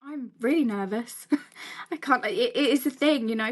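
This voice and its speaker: A woman's voice: sits high, normal speed, husky. A woman in her twenties with an Essex accent, openly telling her own story in a casual, chatty way, full of "you know" and "like". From England. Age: 20s. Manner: open, chatty, many fillers like "you know". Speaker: cancer survivor sharing her story. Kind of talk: casual interview talk.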